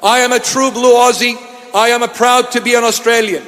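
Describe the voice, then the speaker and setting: A man's voice: extremely high pitch, steady tone, a little fast, fairly bright tone, long reverb tail. A man from Iraq giving an emphatic sermon, repeating phrases for weight. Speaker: bishop preaching. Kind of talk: sermon address. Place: church.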